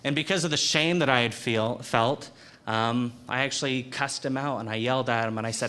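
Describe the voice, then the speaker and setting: A young man giving a personal testimony in a university chapel, speaking earnestly and haltingly, often repeating words. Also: mid-range voice, steady tone, bright, forceful tone, clear, resonant tone. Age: young adult. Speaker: student speaker.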